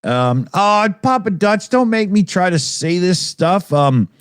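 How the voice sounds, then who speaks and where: A man with a slightly high voice, talking loosely and cursing freely as he reads viewer messages on a live stream. The sound is dry and close, with no room around it. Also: animated, unhurried, clean tone, no room sound. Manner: rambling, loose, profane, laughs often. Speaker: podcast co-host reading super chats. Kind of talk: casual live-stream chat.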